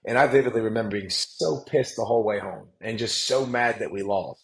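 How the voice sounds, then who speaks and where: A man, telling stories as a podcast guest, emphatic and animated, often restarting his sentences. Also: lowish voice, fairly quick, rough recording. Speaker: guest, former football player and analyst. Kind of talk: casual podcast conversation.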